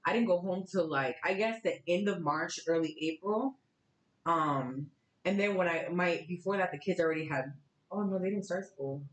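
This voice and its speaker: A woman in her thirties hosting a podcast, telling stories in a chatty, animated way. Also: lowish voice, normal speed. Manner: chatty, animated storytelling with laughs. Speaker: podcast host. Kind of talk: casual chat. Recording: roomy, echoey sound.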